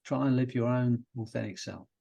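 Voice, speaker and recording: A British hypnotherapist telling stories in a relaxed, rambling way, often restarting his sentences as a podcast guest. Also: medium pitch, a little fast, vocal fry, breathy edge. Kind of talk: casual interview chat.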